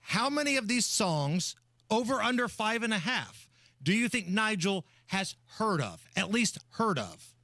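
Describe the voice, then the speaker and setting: A man's voice: sits high, no room sound. A man co-hosting a talk radio show, chatting casually and joking with his co-host in the studio. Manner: joking, animated, quick hand-offs. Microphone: studio microphone.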